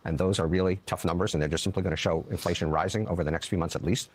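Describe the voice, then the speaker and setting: A man giving measured economic analysis as a guest on a news panel. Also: low-pitched, steady tone, breathy edge. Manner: measured, explanatory, hedging.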